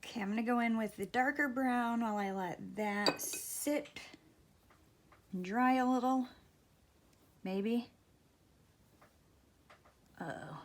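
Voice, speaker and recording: A middle-aged woman giving a casual nail tutorial at home, talking slowly and softly, often dropping to near-whispers. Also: a little high, a little hiss or hum. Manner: slow, soft-spoken, drops to near-whispers. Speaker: beauty vlogger. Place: home, at a table.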